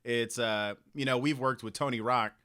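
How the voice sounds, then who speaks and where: A man co-hosting a casual comedy podcast, talking in a relaxed, loose way with lots of fillers. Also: medium pitch, normal speed, smooth. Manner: relaxed, filler-heavy, laughing. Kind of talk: casual chat.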